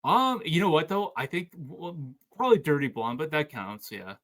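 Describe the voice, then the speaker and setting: A man's voice: fairly high pitch, normal speed. Man telling stories on a podcast. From Canada. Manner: storytelling, animated, stumbling restarts. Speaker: podcast host. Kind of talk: casual podcast chat.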